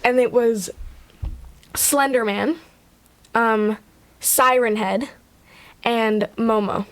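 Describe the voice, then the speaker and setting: Playful young woman with a higher voice. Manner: playful, laughing, quick comebacks. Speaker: podcast co-host, daughter. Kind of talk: casual family chat.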